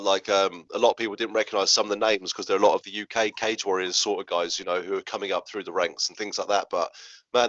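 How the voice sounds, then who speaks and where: A man with a lowish voice and fairly bright tone hosts a casual interview, chatty and friendly, saying "mate" constantly. The recording has a dull lo-fi sound with no room sound.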